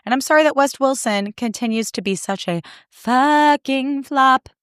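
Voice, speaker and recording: A woman's voice: high voice, normal speed, smooth, no echo, studio quality. A young woman from Chicago hosting a podcast, ranting with plenty of profanity in casual chat. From Chicago, US Midwest. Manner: heated profanity-laced rant. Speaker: podcast host.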